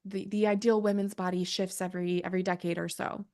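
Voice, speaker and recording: A woman's voice: mid-range voice, level tone, fast talker, darkish tone. An earnest woman talks as a podcast guest in a mid-range voice. She thinks aloud, drifts into side tangents and corrects herself as she goes. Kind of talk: conversational podcast interview.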